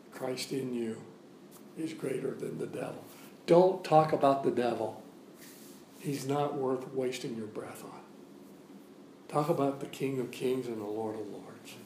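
A man's voice: mid-range voice, unhurried, creaky, long pauses, dark tone, a little hiss or hum. Man preaching in an echoey church. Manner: conversational preaching, repeats phrases for emphasis. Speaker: guest preacher. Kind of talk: sermon. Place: church sanctuary.

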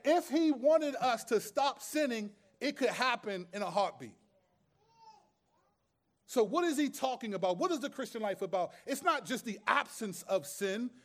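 A man's voice: very high-pitched, lively intonation, normal speed. A man preaching a sermon as pastor, conversational and streetwise, with humor and rhetorical questions.

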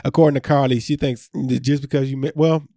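A man's voice: mid-range voice, steady tone, fast, warm tone, no echo, studio quality. A man co-hosting a podcast, recapping a reality show in loose casual chat and laughing often.

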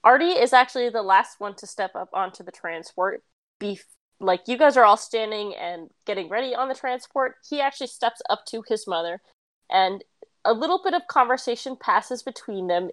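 A woman narrating as game master of a tabletop game, relaxed and chatty with plenty of fillers. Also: medium pitch, moderate pace, dry recording.

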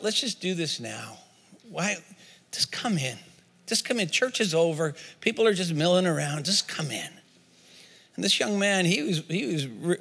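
A man's voice: high-pitched, sharp tone, long reverb tail. A man preaching a sermon as pastor, telling a story with quoted voices and repeated words, then leading a prayer.

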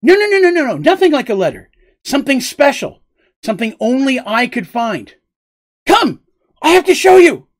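A man voicing a hyperactive, scatterbrained young half-Kender girl who is very short, in a high, excited babble. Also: extremely slow, creaky, full character voice.

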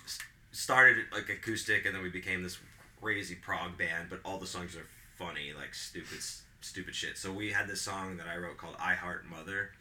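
A man's voice: low-pitched, moderate pace, noisy background. A man hosting a podcast, telling a wild story in casual chat with lots of swearing. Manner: profane, animated storyteller acting out voices. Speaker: podcast host.

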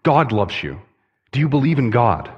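A man's voice: medium pitch, sing-song, normal speed, darkish tone, husky, muffled recording. A young man voicing an eager, zealous older man in a told joke, keen and insistent, speaking in a church hall with a long reverb.

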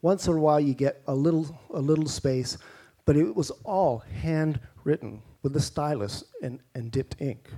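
A man's voice: a little high, moderate pace, mellow, husky. A man with a Canadian accent preaching a sermon in a conversational way, with rhetorical questions and mock-incredulous asides.

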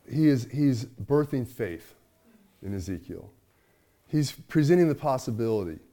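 Middle-aged male pastor, conversational sermon, shifts between emphatic and soft. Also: mid-range voice. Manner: conversational, swings from loud to hushed.

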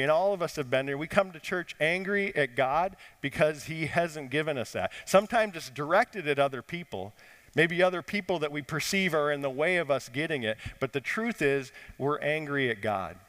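A pastor preaching a sermon, swinging from lifted, urgent lines down to quiet, low emphasis. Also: male voice, animated, normal speed. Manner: dynamic preaching, rising and dropping to quiet emphasis. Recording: long hall reverb.

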